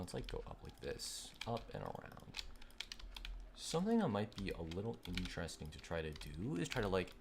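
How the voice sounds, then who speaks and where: A young man streaming a game, talking casually and rambling with lots of fillers and quick irritation. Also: sits low. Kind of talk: casual gaming stream chat. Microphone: desk microphone. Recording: noisy home mic with keyboard clicks. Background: keyboard clicks and typing.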